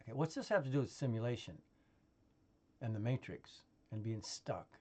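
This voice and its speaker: A man's voice: mid-range voice, animated, moderate pace, mellow. A man talking in a casual, rambling monologue, full of swearing, laughter and restarts. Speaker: vlogger.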